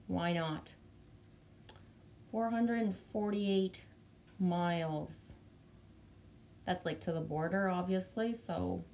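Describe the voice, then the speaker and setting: A Canadian woman with a lowish, slightly mellow voice hosts a casual livestream, reading chat in a chatty, bubbly way. She greets viewers by name and swears casually, with a little background noise behind her.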